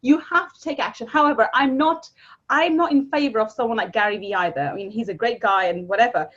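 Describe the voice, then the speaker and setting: A woman with a husky, slightly raised voice, chatting quickly as a guest coach. She keeps repeating words and leaps up in pitch to stress a point. The recording sounds dull and lo-fi. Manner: animated, repeats words, jumps to higher pitch for emphasis. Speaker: guest, money mindset coach. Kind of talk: casual interview chat.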